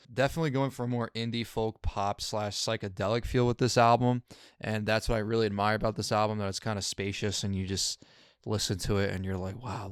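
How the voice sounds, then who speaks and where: A man's voice: fairly low pitch, clear, resonant tone, no room sound, studio quality. A young man hosting his own channel from home, rambling casually and swearing while reviewing albums. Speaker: YouTube host reviewing albums. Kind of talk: casual chat.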